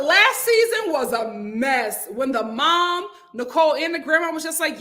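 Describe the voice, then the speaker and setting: Young adult woman, high-pitched, chatty live review host, animated, reading viewer comments at home. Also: a little slow, hardly any pauses. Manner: chatty and animated, jumps to high-pitched exclamations and acted quotes; reads viewer comments aloud. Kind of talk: live reality-TV review chat. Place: home room, lit by a window.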